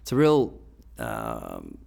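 A man's voice: very deep voice, wildly swooping pitch, takes it slowly, vocal fry, mellow. A middle-aged Australian man chatting as an upbeat, enthusiastic podcast guest, restarting his sentences often. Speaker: podcast guest, business owner. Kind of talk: casual interview chat.

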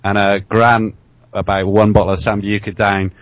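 A man's voice: lowish voice, little pitch movement, moderate pace, no echo. A man telling an anecdote on a podcast. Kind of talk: casual podcast chat.

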